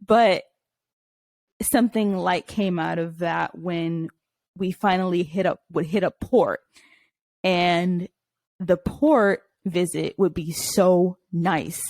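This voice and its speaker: A woman's voice: fairly low pitch, fairly even intonation, slow pace, a little mellow, no room sound. A young woman co-hosting a casual podcast, telling candid stories and laughing often. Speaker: podcast co-host. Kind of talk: casual chat.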